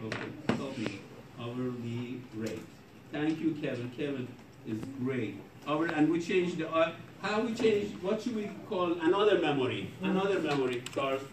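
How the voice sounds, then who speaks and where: A man's voice: on the high side, animated, moderate pace. A man lecturing a programming class in a non-native English accent, joking with students in broken English. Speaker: programming professor. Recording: echoey classroom from far off with noise.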